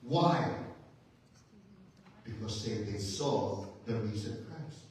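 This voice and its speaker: A man's voice: fairly low pitch, lively intonation, slow pace, a little mellow, a little hiss or hum. A male pastor preaching a sermon with emphatic rhetorical questions, building to fervent intensity. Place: church sanctuary. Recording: very echoey church hall, mic at a distance.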